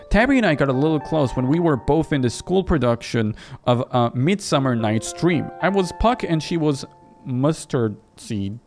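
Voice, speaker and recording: A man reading aloud the lines of a friendly, chatty young small-town woman, telling stories with a teasing edge. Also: fairly high pitch. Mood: reminiscing. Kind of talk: reading game dialogue aloud.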